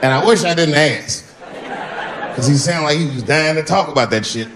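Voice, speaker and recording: A man's voice: fairly high pitch, normal speed, very noisy. A man doing a stand-up comedy set, telling a long story and acting out the people in it. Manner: storytelling with acted-out voices, profane. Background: audience laughter.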